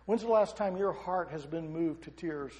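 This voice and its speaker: A man's voice: on the high side, moderate pace, darkish tone. A middle-aged male pastor preaching a sermon with passion, asking his listeners question after question. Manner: impassioned preaching with rhetorical questions. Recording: long reverb of a large hall.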